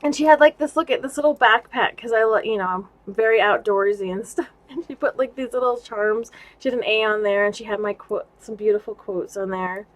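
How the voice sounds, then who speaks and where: A woman vlogging casually about craft gifts she received, gushing and excitable and laughing often, at home indoors. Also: medium pitch, a little fast, hardly any pauses, rough recording. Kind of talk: casual show-and-tell vlog.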